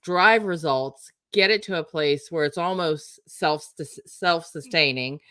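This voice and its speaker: A woman's voice: low-pitched, unhurried, bright, forceful tone, clean tone, no echo. A woman hosting an interview podcast, affirming her guest and summing up his points in a friendly, easygoing way. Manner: affirming, laughs easily. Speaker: podcast host. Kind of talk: casual interview.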